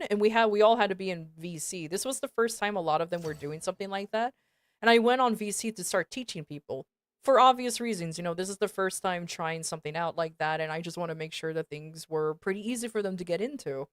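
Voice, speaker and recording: A woman's voice: fairly low pitch, no room sound. A woman streamer telling a story to her chat in a casual, rambling way, swearing often. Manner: swears a lot, animated and rambling.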